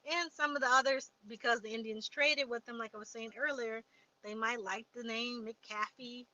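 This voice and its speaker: A woman's voice: a little high, fairly even intonation, normal speed, bright, forceful tone, muffled recording, a little hiss or hum. A woman hosting a casual livestream, chatting and reading viewer comments aloud before answering them. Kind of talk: casual live chat.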